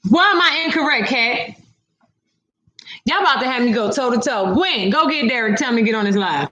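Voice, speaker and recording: A woman's voice: a little high, animated, brisk, sharp tone, echoey room, muffled recording. A woman hosting a casual livestream, reading viewer comments aloud and talking back to her audience with a sassy, laughing manner.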